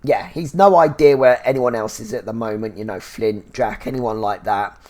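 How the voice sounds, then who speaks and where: A man hosting a casual episode review, chatty and full of fillers, with bursts of excited exclamation. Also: fairly low pitch, moderate pace. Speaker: TV review show host.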